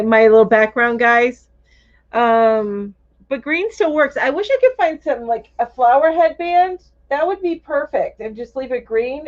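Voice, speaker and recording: A talkative woman hosts a casual crochet livestream and reads out viewer comments. Her voice sits a little high and swoops widely as she thinks aloud. The sound is dull and lo-fi. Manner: chatty, thinks aloud, laughs easily. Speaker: host of a crochet live chat.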